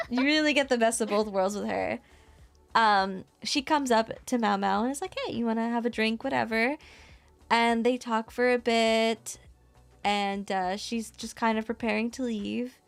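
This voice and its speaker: A woman co-hosting a casual podcast, recapping an anime episode in a rambling, excitable way and laughing often. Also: fairly high pitch, measured pace, vocal fry, soft background music. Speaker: podcast co-host.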